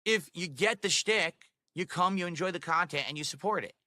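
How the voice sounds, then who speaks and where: A man's voice: sits high, a little fast, sharp tone. A man ranting on his livestream, self-assured and insulting toward his critics. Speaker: streamer. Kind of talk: livestream rant.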